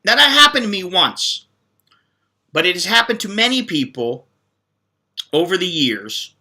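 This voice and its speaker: A man's voice: high voice, sing-song, unhurried, pushed and bright. A middle-aged man from the United States hosting a casual monologue, bluntly lecturing viewers and acting out little quoted voices. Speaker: channel host answering viewer questions.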